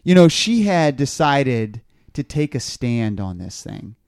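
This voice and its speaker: A man's voice: medium pitch, sing-song, slow pace, vocal fry, a little mellow, dry recording, clean studio sound. A man podcast host telling a long story in casual chat, rambling and stammering as he repeats words.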